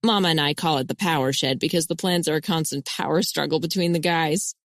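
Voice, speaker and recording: Brief: woman reading a bubbly young woman, low voice, dry close read. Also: brisk, no echo. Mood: amused. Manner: lively, chatty. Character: cheerful young woman, teasing about her brothers.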